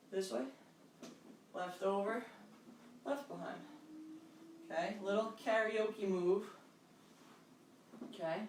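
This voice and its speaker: A woman fitness instructor leading a live online workout class, upbeat and encouraging, calling out steps and counts at home. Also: mid-range voice. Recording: roomy echo, distant mic, faint background noise.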